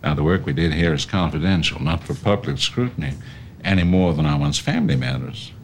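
Film scene: a menacing company boss, very deep and swooping, fake Southern drawl. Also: male voice, lively intonation, a little fast, creaky, slight background noise, exaggerated voice. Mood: quietly menacing. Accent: put-on Southern US. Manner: velvety, veiled threats. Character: smooth, menacing older male tobacco company boss. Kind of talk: film drama acting.

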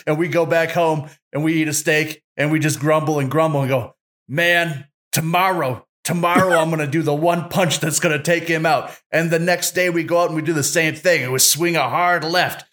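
Man riffing on a podcast, tad high voice, tells silly stories w/ voices. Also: fairly bright tone. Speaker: podcast co-host. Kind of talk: casual chat.

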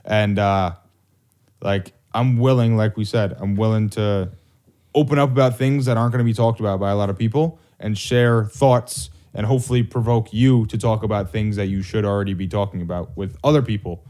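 Young dude on a podcast mic, blunt and sweary, says stuff twice to hammer it home. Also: male voice, fairly low pitch, fairly even intonation, brisk, mellow. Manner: blunt, swears freely, repeats points for emphasis. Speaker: podcast co-host. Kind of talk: casual late-night chat.

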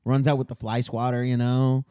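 A man's voice: medium pitch, flat delivery, normal speed, dark tone, smooth, dry recording, studio quality. A man co-hosting a podcast, riffing crudely with stammering restarts and lots of swearing. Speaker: podcast co-host. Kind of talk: crude comedic banter.

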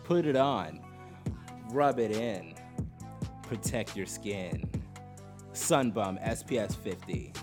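A man's voice: animated, slow pace, pauses often, over music. A man hamming up a hyped commercial announcer. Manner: salesy, punchy pitch delivery.

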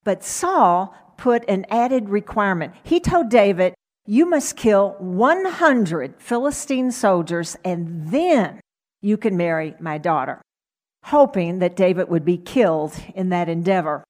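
Woman, middle-aged, Bible storyteller, gentle, slow-paced sermon. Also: mid-range voice.

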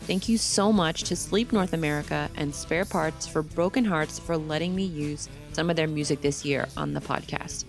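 A woman hosting her own podcast in a casual solo monologue, chatty and enthusiastic, talking straight to her listeners, her voice a little hoarse. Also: low voice, normal speed, few pauses, faint music behind. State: slightly hoarse. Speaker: podcast host. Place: small home studio.

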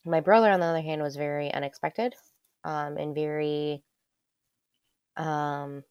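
A woman's voice: low voice, steady tone, unhurried, a little mellow, clear, resonant tone, no echo, highs cut off. A woman telling a personal story in casual conversation, candid and loose, swearing freely with lots of ums. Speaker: guest.

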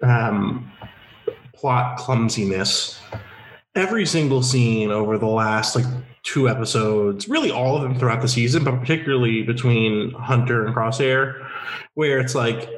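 A man's voice: mid-range voice, a little slow. A man co-hosting a podcast in casual chat, joking and wry, often stumbling over his opening words. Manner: joking, wry, hesitant starts. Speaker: podcast co-host. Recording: roomy echo.

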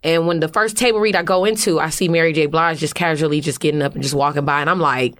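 A woman's voice: low voice, steady tone, quick pace. Slangy young woman with an Atlanta accent. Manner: loose, slangy storytelling with frequent cursing. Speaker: guest actress and musician. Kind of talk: casual interview chat.

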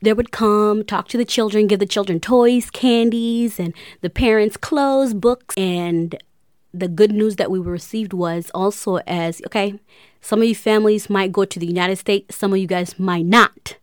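A young woman telling a personal story, halting often with fillers and getting emotional. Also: medium pitch, clean tone, no echo, clean studio sound. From grew up in a refugee camp.

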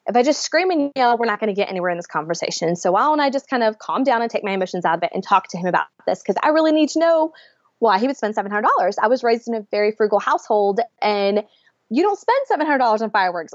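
Podcast guest, woman, bright-pitched storyteller, dull dry recording. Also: quick pace, no room sound. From Georgia, US. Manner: animated, laughs often, acts out quotes. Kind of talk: storytelling in a casual interview.

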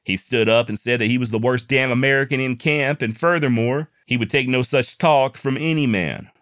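A man's voice: medium pitch, moderate pace, a bit bright, smooth, no room sound, studio quality. A man telling a frontier history tale in a casual, folksy way with wry joking asides. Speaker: history storyteller, host.

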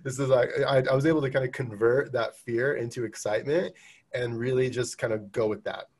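Man, thirties, podcast guest, halting, restarts a lot, ordinary pitch. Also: fairly even intonation, a little mellow, slightly rough. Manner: halting, many restarts and fillers. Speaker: guest, roofing business owner. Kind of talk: casual podcast interview.

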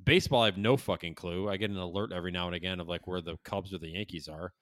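Man, podcast co-host, laid-back profane talk, lowish voice, dry sound. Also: racing, a bit bright, no room sound. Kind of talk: casual chat.

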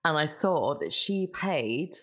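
A woman's voice: deep voice, expressive, slow, a bit bright. An English woman co-hosting a podcast, chatting casually and gushing with giggles. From England. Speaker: podcast co-host. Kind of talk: casual chat. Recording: dull lo-fi audio.

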